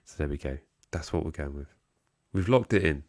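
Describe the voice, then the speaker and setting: A very deep, darkish voice belongs to an English man co-hosting a football fan stream, speaking briskly and expressively as he jokes and reads out chat, chuckling and trailing off. It's studio quality with no echo.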